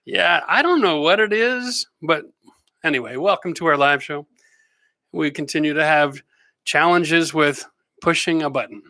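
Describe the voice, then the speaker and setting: A middle-aged man hosts a live question-and-answer stream in a loose, joking way, calling out viewers by name. His voice sits fairly high and sounds bright and forceful. The close mic makes it dry, with almost no room sound. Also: unhurried, no room sound. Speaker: host of a live renovation Q&A stream. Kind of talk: casual live-stream chat. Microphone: close microphone.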